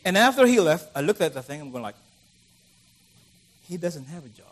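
A man's voice: fairly high pitch, sing-song, fairly quick. A middle-aged man preaching a conversational sermon, acting out the voices of the people he quotes.

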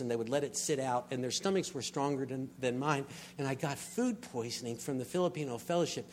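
A man's voice: on the high side, a little mellow, slight background noise. A middle-aged man preaching a sermon, telling personal stories and building to emphatic passages. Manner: storytelling, builds to emphatic swells. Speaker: pastor.

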